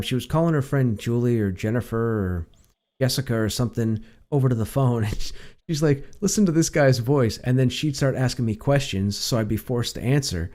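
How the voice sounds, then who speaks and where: A man streaming and casually telling a long story, rambling with frequent restarts, in a calm voice that others call soothing. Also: medium pitch.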